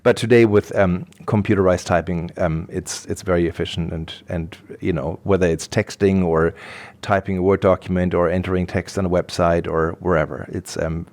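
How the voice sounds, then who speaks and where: Low-voiced middle-aged man explaining patiently. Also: steady tone, moderate pace, a little mellow. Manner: patient, explanatory, thinks aloud. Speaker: guest expert. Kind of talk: podcast interview, explaining.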